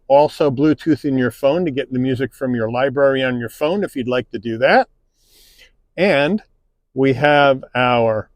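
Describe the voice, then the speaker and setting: A man narrating a car review, calmly listing interior features one by one, recorded inside a car. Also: on the high side, no echo. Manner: relaxed, plain-spoken, listing features one by one.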